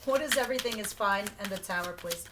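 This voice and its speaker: A woman's voice: medium pitch, fast, noisy background. A woman giving a casual tarot reading, talking bluntly and straight to the viewer and swearing freely. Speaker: tarot reader.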